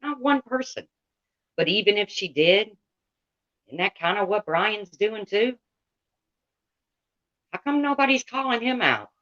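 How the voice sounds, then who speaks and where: A woman's voice: mid-range voice, animated, a little slow, long pauses, fairly bright tone. A woman livestreamer rants to her chat in a blunt, heated voice and swears freely. The sound is dull and lo-fi.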